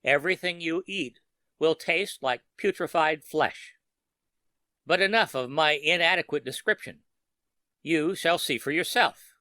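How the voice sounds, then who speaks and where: Man reading as a cruel storybook wizard: slow, precise menace in a bright, slightly high voice. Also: no room sound, clean studio sound. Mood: menacing. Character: sinister male wizard, coldly gloating.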